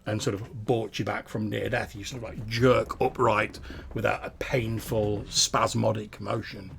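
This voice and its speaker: A man's voice: lowish voice, little pitch movement, a little slow, gravelly, a bit bright, slight background noise. A man narrating a tabletop game as game master, describing the action with small hesitations.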